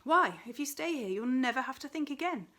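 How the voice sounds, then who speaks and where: A woman's voice: sits high, lively intonation, brisk, voice pushed up, exaggerated voice. A woman doing a snarling, wheedling demon man. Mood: coaxing. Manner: snarling, then soft deceitful whisper. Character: sly male demon of petty tasks, menacing.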